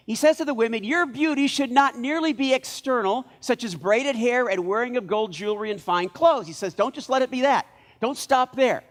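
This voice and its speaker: A high-pitched man preaches as pastor of a church, recounting stories with energy. He voices the lines of the people in those stories himself.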